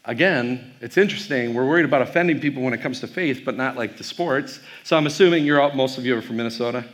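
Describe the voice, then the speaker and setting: A man's voice: mid-range voice, fast talker, a bit bright. A man from Wisconsin, a pastor giving a keynote talk to a youth audience, telling stories in a loose, conversational way with plenty of fillers. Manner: conversational storytelling with frequent fillers.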